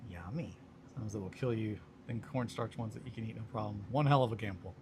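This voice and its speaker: A man's voice: lowish voice, a little fast, noisy background. A young man casually chatting with viewers on a livestream while he works on a hobby project, joking around and reading chat aloud. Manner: laid-back, joking, reads chat aloud.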